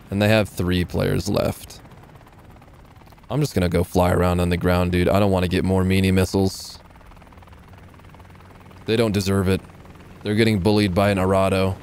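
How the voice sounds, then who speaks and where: Low-voiced guy streaming a game live, sarcastic and jokey, bit of noise behind. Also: level tone, normal speed, pauses often, a little mellow. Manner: joking, sarcastic, laughs often. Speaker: gaming livestreamer. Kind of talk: casual live gameplay commentary.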